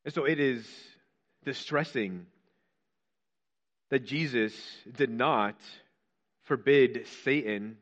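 Male preacher, mid-range voice, fervent questions, hushed quotes, slightly muffled recording. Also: medium pitch, slow, pauses often. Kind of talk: sermon.

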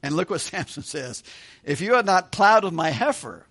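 The pastor's voice is high-pitched, gravelly and fairly bright, expressive and at normal speed. He goes verse by verse through a Bible passage, reading it aloud with conversational, joking asides and plenty of chuckles.

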